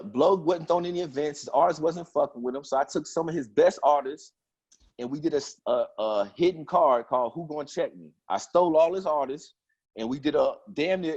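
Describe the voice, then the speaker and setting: A man's voice: fairly high pitch, darkish tone, muffled recording. A man, a battle rap league owner telling stories in a casual, profane interview, often saying "you know what I'm saying.".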